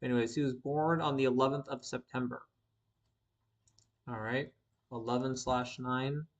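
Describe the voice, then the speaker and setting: A young sports commentator hosts a live stream in a casual, rambling way, thinking aloud as he reads from the screen and correcting himself as he goes. His medium-pitched voice has fairly even intonation, a moderate pace, and a slight lisp.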